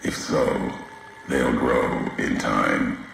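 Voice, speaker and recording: A man voicing a grim, cryptic male wanderer in a video game, speaking slowly and ominously. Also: rumbling low, gravelly, slight background noise, heavily acted. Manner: slow, cryptic, foreboding. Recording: echoey game audio with loud background.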